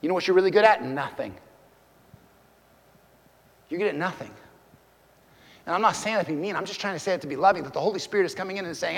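A man's voice: high voice, fast talker, creaky, pauses often, in a large hall. A man preaching a sermon as pastor, talking conversationally and putting questions to his congregation.

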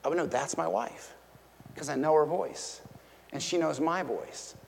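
A middle-aged man delivers a sermon in a high, gravelly voice. He talks like he is chatting, telling stories and asking the listeners direct questions. His words ring out through the long reverb of a large hall. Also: a little slow, a little mellow, a little hiss or hum. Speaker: pastor.

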